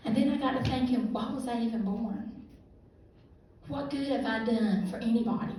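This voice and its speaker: A middle-aged woman giving a halting, emotional personal testimony as a guest speaker at a church youth service. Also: a little high, warm tone, slight background noise. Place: church hall. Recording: echoey room heard from a distance.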